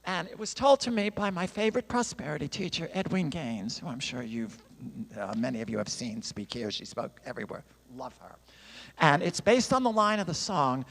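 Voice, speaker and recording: A man tells a story to a church congregation, his voice pitched high and swinging freely up and down. His casual sermon storytelling carries a long reverb from the large sanctuary. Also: expressive, moderate pace, vocal fry, a bit bright. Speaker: songwriter and guest speaker.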